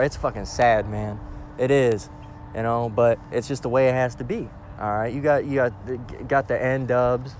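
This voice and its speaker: A man preaches outdoors in a steady, mid-range voice, reading scripture at a slow, deliberate pace before breaking it down in plain, blunt street talk. He punctuates nearly every point with "all right?" City noise and passing vehicles sit clearly behind him. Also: medium pitch. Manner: reads verses slowly, then explains in blunt slang with constant "all right?". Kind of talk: informal scripture lesson.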